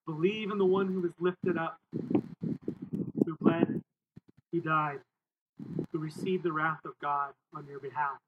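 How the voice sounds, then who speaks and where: A man's voice: fairly high pitch, fairly even intonation, slow pace, long pauses. A middle-aged male pastor preaching emphatically outdoors, repeating phrases and calling on the church for amens. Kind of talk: outdoor sermon. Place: outdoors, windy. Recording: tinny phone-like sound with wind noise.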